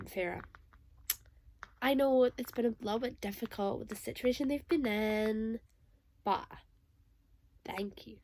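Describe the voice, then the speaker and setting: A woman's voice: fairly high pitch, dark tone. A young woman vlogging emotional reactions aloud as she reads a novel. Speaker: booktuber reading a novel. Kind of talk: casual reading vlog reactions.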